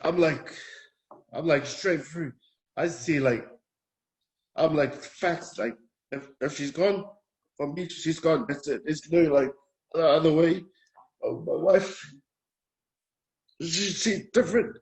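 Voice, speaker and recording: A Polynesian man talking candidly as a guest, in a hesitant, halting, soft-spoken way. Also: fairly high pitch. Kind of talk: candid personal conversation.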